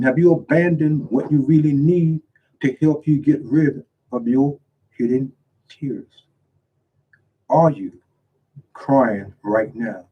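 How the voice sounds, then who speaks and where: A man's voice: mid-range voice, husky, muffled recording. Earnest man reading his own verse. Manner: reads his own poems aloud with rising emotional emphasis. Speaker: author reviewing his own book. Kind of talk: earnest spoken reading and commentary.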